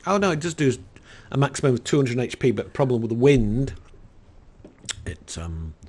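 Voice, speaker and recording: An Englishman with an English accent giving relaxed let's-play commentary in a soft, soothing, unhurried way. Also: medium pitch, breathy edge. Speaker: game commentator.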